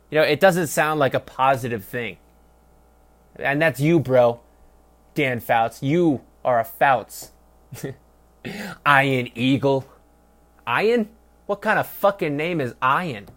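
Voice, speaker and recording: A young man hosting a solo football review, talking casually with heavy swearing, rambling and mocking, swinging between loud outbursts and low mutters. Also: lively intonation, a little slow, pauses often. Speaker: sports podcast host.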